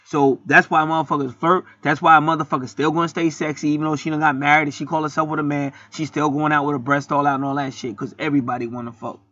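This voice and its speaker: A man's voice: fairly high pitch, flat delivery, quick pace, hardly any pauses, pushed and bright, dry recording. A man hosting a spiritual channel, delivering a blunt, profane, rambling monologue full of restarts. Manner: blunt, preachy, heavy swearing, rambling with restarts. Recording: dull lo-fi dry recording.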